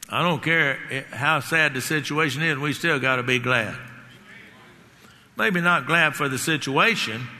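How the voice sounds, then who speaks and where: Preacher, male, sermon delivery; unhurried, very bright tone, long hall echo. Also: a little high. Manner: emphatic preaching, repeating key words, rising on lines of scripture.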